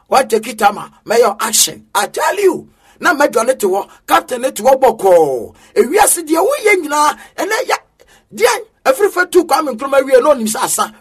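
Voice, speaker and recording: A man with a Ghanaian accent preaching a sermon in an emphatic, half-sung style that rises to shouts. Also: very high voice, husky.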